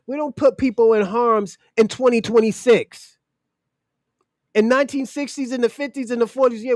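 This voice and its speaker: A man's voice: extremely high pitch, a little mellow, no echo, clean studio sound. A man in his forties giving casual political commentary, emphatic and indignant, often repeating his phrases. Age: 40s. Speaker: commentary host.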